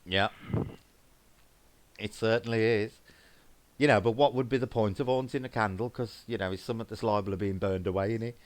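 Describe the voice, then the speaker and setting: A man's voice: lowish voice, fairly even intonation, brisk, pauses often. A man with a Black Country accent, co-hosting a paranormal livestream and chatting casually, reading viewer comments aloud and rambling with frequent restarts. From English Midlands.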